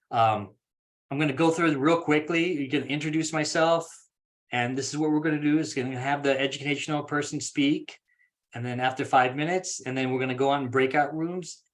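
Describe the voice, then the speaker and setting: A man's voice: mid-range voice, a bit bright. A man on a video call presenting a course plan at an online speaking club meeting, casual and self-deprecating. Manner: casual, self-deprecating, acts out examples in different voices.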